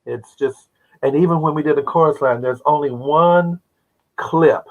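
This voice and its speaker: A man in his seventies from Oklahoma, a guest who tells animated stories and acts out the voices of people he quotes. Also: on the high side, normal speed. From Oklahoma, United States. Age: 70s. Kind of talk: casual interview storytelling. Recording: dull lo-fi audio.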